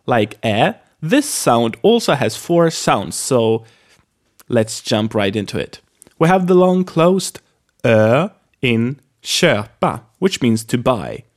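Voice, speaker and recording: Male Swedish native as language teacher; unhurried, lively, crisply enunciates and repeats drill words. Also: mid-range voice. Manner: slow, careful enunciation with repeated example words. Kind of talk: pronunciation lesson.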